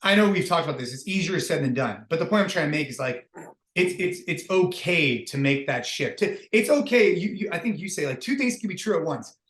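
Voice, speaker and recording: A man's voice: on the high side, expressive, fairly quick, a bit bright. A man hosting a casual podcast chat as a fitness business founder, upbeat and reflective, talking in loose restarts. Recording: roomy echo.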